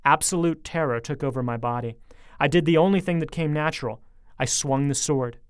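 A man narrating an audiobook with lively, expressive storytelling. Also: fairly high pitch, a little fast, smooth, no echo, clean studio sound. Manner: lively storytelling, speeding up in tense moments.

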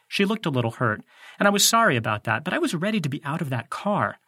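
A man's voice: a little high, sing-song, quick pace, sharp tone, no echo, studio quality. A man narrating a first-person audiobook in a wry, conversational way.

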